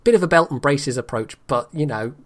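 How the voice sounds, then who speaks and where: A man's voice: mid-range voice, expressive, fairly quick. A man giving casual, rambling commentary on a game replay, full of fillers and dry asides.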